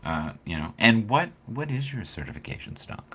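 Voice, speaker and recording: A man hosting a casual spiritual chat stream, telling stories and acting out quoted people with big swings in loudness. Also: on the low side, big pitch swings, normal speed, husky. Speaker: livestream host.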